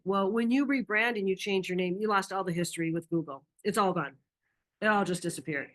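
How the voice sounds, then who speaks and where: A woman presenting a marketing masterclass, energetic and enthusiastic, who acts out quoted dialogue and laughs often. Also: on the low side. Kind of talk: presentation talk.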